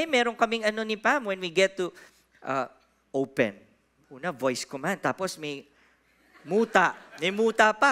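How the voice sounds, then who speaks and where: A man with a Filipino accent, preaching a sermon in church, animated and asking the congregation questions, moving between soft and loud. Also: sits high. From Philippines. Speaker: pastor.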